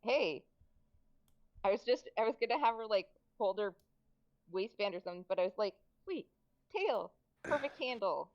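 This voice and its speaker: A woman's voice: medium pitch, moderate pace, long pauses, slight background noise. A woman playing a tabletop game, chatting animatedly about her character's moves. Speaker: player. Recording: dull lo-fi mic.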